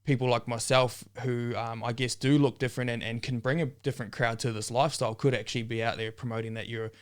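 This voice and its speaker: A young man from New Zealand, a podcast guest in a relaxed casual chat, often saying "man" and "bro". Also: mid-range voice, quick pace, clear, resonant tone. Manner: laid-back, says "man" and "bro" often.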